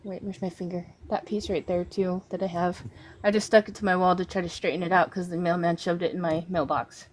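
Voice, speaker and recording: A woman's voice: lowish voice, little pitch movement, fairly quick, a little hiss or hum. Woman, interview guest, rambling emotional storytelling, casual talk. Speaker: guest artist.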